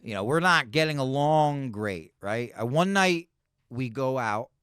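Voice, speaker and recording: A man from New City, a comedian telling animated, profane stories as a podcast guest. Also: medium pitch, unhurried, smooth, dry recording, studio quality. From New York City. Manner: animated, profane, full of "like" and "right?". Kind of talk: casual storytelling on a podcast.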